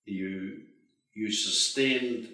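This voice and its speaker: A male interviewer giving a deliberate, point-by-point reply, recorded in an echoey room with the mic far away. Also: lowish voice, pushed and bright.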